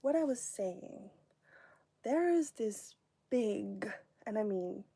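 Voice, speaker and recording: A woman's voice: medium pitch, expressive, slow pace, gravelly, warm tone, breathy edge, no echo. A woman talking to viewers on a live stream, mocking and sarcastic, sometimes dropping to a whisper. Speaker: livestreamer.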